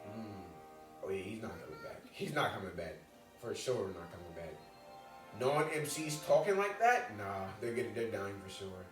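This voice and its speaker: A man reacting live to an episode, with loud excited outbursts and heavy profane slang. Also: fairly low pitch, moderate pace. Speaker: reaction video host. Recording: roomy, distant mic, show audio behind. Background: episode audio and music playing.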